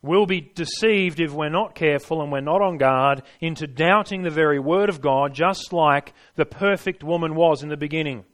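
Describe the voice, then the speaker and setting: A man's voice: fairly high pitch, moderate pace, hardly any pauses, a bit bright. A man preaching a sermon, stressing his points and putting rhetorical questions to his listeners.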